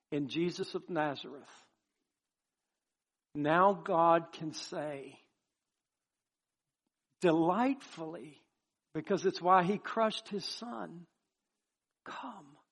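A man preaching a sermon as pastor, impassioned and emphatic, turning soft and pleading at times. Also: high voice.

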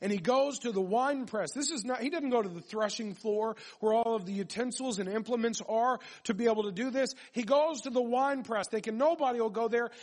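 A man's voice: very high voice, fairly quick, few pauses, darkish tone. A man preaching a sermon, reading scripture aloud and then building his points with repetition and questions to the congregation.

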